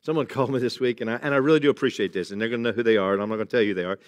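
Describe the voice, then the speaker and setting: A man's voice: mid-range voice, fairly even intonation, very fast. A middle-aged man preaching a sermon in a church, conversational and jokey, with chuckles and asides to the congregation. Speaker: pastor. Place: church sanctuary.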